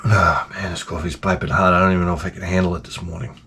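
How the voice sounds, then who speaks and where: A man's voice: deep voice, little pitch movement, fast, pushed and bright, slight background noise. A middle-aged man hosting his own show, grumbling through a profane, exasperated casual rant. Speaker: show host. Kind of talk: casual ranting monologue.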